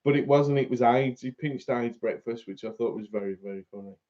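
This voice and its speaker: A man's voice: medium pitch, brisk, mellow, highs cut off. A man hosting a fishing channel, chatting casually on a live stream, laughing often and reading out viewer comments.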